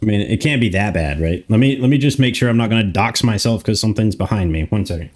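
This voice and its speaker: A man's voice: lowish voice, fast, darkish tone. A young man live streaming from a room in his home, chatting casually, grumbling to himself and swearing often.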